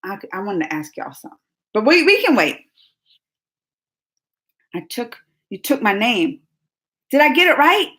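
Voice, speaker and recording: A woman hosts a casual live stream and chats straight to her viewers. Her voice is bright and fairly high, quick and animated, with laughs and filler words all through. She sounds close to a home webcam mic. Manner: animated, laughing, full of "like" and "y'all". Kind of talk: casual live chat, reading viewer comments.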